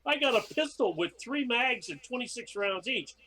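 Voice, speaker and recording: A man's voice: very high-pitched, lively intonation, normal speed, bright, forceful tone, rough recording. A middle-aged man, a podcast guest, telling casual stories and acting out his own past lines. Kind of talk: casual storytelling.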